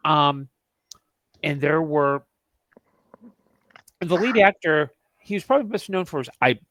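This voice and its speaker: A man's voice: fairly high pitch, expressive, a little slow, a bit bright, low-quality recording. A man co-hosting a podcast in casual chat about old TV shows, rambling with many restarts and asides. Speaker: podcast co-host.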